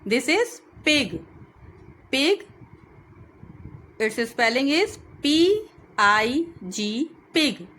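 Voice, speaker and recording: A woman's voice: sits high, sing-song, very slow, long pauses, a bit bright. A woman teaching children a phonics lesson, spelling words letter by letter and repeating each one.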